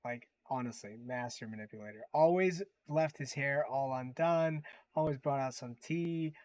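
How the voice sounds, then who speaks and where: A man's voice: medium pitch, moderate pace, a little mellow. A man hosting a livestream, chatting casually as he reacts to clips with amused, rambling asides. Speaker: livestream host.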